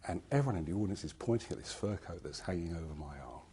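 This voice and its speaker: A man giving a talk, telling a personal story in a lively storytelling manner. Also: deep voice, fast talker, slight background noise. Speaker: conference speaker.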